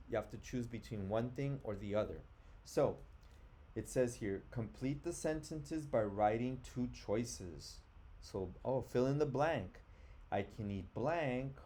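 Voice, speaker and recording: A man's voice: medium pitch, dark tone. A middle-aged man teaching an online grammar lesson, patiently sounding out words and thinking aloud.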